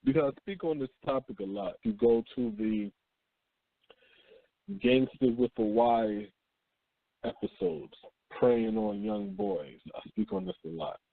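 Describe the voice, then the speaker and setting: A man hosting a call-in talk radio show, speaking in an unhurried, reflective way and reading a news story aloud. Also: mid-range voice, expressive, vocal fry, dry recording. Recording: phone-line call-in audio.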